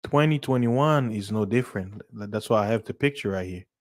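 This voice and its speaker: A man's voice: lowish voice, fairly quick. A man hosting a casual livestream, rambling, repeating himself and laughing often. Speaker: livestream host.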